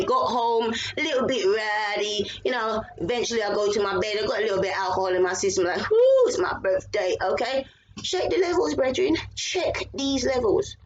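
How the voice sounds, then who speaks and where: A middle-aged woman with a British accent, telling a personal story in a lively way, swearing and breaking into shouts. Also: medium pitch, dull audio. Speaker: vlogger.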